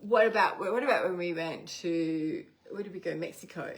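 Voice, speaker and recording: A woman's voice: on the low side, normal speed. A woman co-hosting a casual travel chat, teasing her friend and laughing often. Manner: giggly, teasing. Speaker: co-host.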